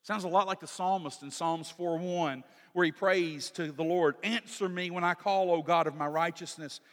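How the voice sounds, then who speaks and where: A pastor preaching a sermon in an animated way, rising to shouts for emphasis. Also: male voice, fairly high pitch, moderate pace. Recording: long hall reverb.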